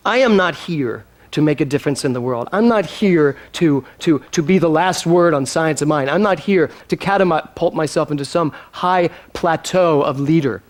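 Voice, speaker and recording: A male minister preaching a sermon, animated and emphatic, drawing replies from his congregation and speaking earnestly and emotionally. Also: on the high side, normal speed, hardly any pauses.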